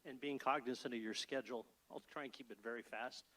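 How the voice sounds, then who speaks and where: A man who heads a state fair gives a brisk, orderly formal presentation to an advisory board. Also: medium pitch, steady tone, a bit bright. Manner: brisk, orderly, speech-like delivery. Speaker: state fair chief executive. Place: state board meeting room.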